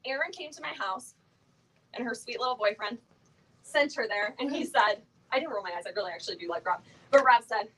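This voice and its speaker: At a sales event, a middle-aged woman speaks from a stage to a live audience, delivering a chatty, playful motivational talk packed with fillers and laughing asides. Her voice is on the high side, a little fast, bright and forceful, slightly rough, and picked up far from the mic on poor audio.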